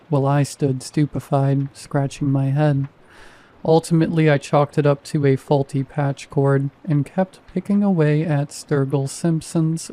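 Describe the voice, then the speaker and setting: A man's voice: a little high, warm tone. Wry man narrating a horror story. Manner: wry, self-deprecating storytelling. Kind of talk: scripted first-person horror narration.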